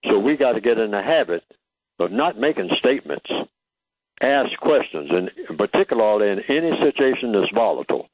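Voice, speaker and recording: A man's voice: fairly low pitch, sing-song, a little fast, husky, no room sound. An older man speaking as a guest on a radio talk show, teaching emphatically and asking rhetorical questions. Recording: tinny phone line, dry.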